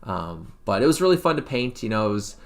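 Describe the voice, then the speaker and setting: A man's voice: on the low side, sing-song, fairly quick. A painter talking through his own studio work on a casual live stream, rambling and thinking aloud with many fillers and restarts.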